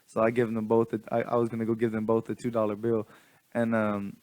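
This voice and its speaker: A man's voice: on the low side, completely flat delivery, a little fast, darkish tone, no echo. A man casually telling a story to his camera, rambling with restarts and slang. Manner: rambling, many restarts, laughs often; slangy, laid-back. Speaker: vlogger.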